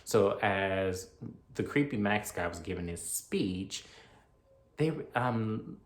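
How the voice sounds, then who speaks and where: A man's voice: on the low side, expressive, slow. A man casually recapping a horror movie, chatty and acting out the characters' lines as he goes. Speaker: movie reviewer. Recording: echoey room.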